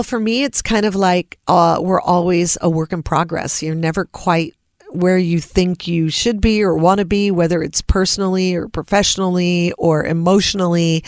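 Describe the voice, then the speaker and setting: A middle-aged woman from Los Angeles, a singer-songwriter being interviewed, telling stories in a lively, animated way. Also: fairly low pitch, no room sound, studio quality. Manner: animated storyteller, lively asides. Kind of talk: casual interview chat.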